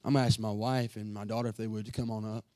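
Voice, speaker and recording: A pastor preaching an emotional sermon from the pulpit, earnest and building to fervent passages. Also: male voice, fairly low pitch, little pitch movement, very fast, a little mellow, dry recording.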